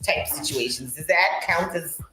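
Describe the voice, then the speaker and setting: A woman co-hosting a morning radio show, chatting in an animated, emphatic way. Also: low-pitched, measured pace, soft background music. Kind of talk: casual radio chat. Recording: echoey room sound.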